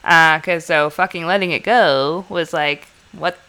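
A woman chatting casually in a bright, crisp voice. She tells stories candidly and animatedly, swearing freely as she goes. Her voice is clear and sharp. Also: deep voice, measured pace. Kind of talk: casual chat.

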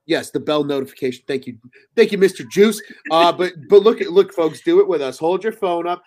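Animated male sports podcast host. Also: fairly high pitch, fairly quick. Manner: energetic, animated storytelling. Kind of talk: live sports podcast chat.

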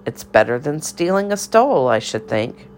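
A woman's voice: sits low, very animated, moderate pace, darkish tone, a little hiss or hum. A woman voicing an eccentric older cafeteria lady who speaks in riddles and scolds in a theatrical sing-song. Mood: haughty, cryptic.

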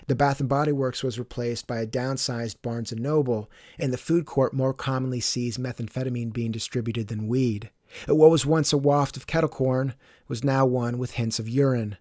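A young man telling a personal story in a wry, deadpan way. His voice sits in an ordinary middle pitch. The recording is dry and close, with no room sound. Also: no echo. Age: young adult.

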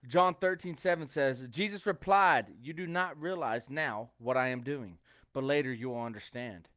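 A man's voice: medium pitch, moderate pace, fairly bright tone, dry recording. A man giving a casual devotional talk to online viewers, chatty and joking between scripture quotes. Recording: dry, dull lo-fi sound.

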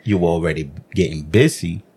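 Deep husky-voiced man. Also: a little fast, warm tone. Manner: loose storytelling with filler words and quoted asides. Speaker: podcast co-host. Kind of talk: casual chat.

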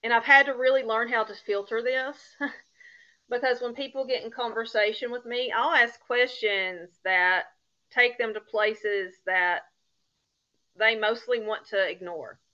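Laughing woman on a podcast, bright. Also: a little high, unhurried, highs cut off. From Appalachia, United States. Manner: laughs often, self-deprecating. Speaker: podcast guest, author. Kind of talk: casual podcast chat.

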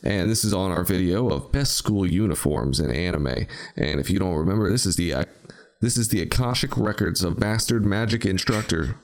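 A man's voice: low-pitched, lively intonation, normal speed. A man hosting a podcast in casual chat, telling rambling, jokey stories. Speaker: podcast host.

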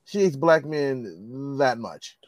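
A man's voice: mid-range voice, lively intonation, slow pace, no room sound. A man in casual conversation, ranting bluntly and profanely. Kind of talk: casual chat.

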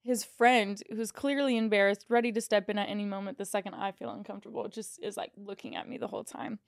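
A woman casino dealer and podcast co-host telling a story in casual chat, animated, full of "like" and the odd swear word. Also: medium pitch, fast talker, vocal fry, dry recording, studio quality. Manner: animated, heavy use of "like", swearing.

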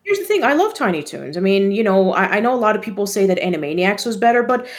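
A woman's voice: medium pitch, sing-song, fast talker. Chatty woman co-hosting a podcast. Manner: chatty, with fillers and restarts. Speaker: podcast co-host. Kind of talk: casual chat.

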